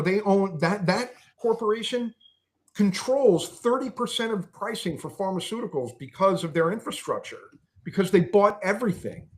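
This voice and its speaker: A man speaking as a podcast guest in a heated political discussion, angry and impassioned, swearing and restarting his sentences. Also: high voice.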